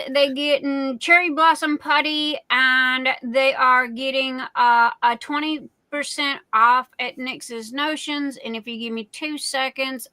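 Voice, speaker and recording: A woman hosts a relaxed livestream in an unhurried, chatty way, warmly greeting each viewer by name and calling them darling. Her voice sits high and bright, and the recording is dry and close with little room sound. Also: dry recording, poor audio. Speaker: livestream host. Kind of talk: casual livestream chat.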